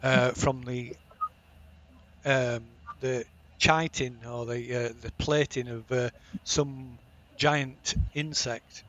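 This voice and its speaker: A man's voice: medium pitch, steady tone, takes it slowly, a bit bright. A man running a tabletop game, hesitating with many ums. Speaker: game master.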